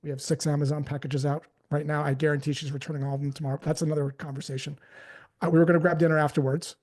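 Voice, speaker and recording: A man's voice: a little high, flat delivery, very fast, a little mellow. A man giving a live sales training talk, casually telling stories and acting out the conversations in them.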